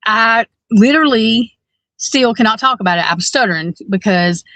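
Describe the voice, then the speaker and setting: A woman in her forties talks through a criminal case on a podcast, blunt and worked up, cursing and restarting her thoughts. Her voice sits a little high and the sound is dry and close, with no room around it. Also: moderate pace, a bit bright, no echo. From Alabama. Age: 40s. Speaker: podcast co-host. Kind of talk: casual true-crime discussion.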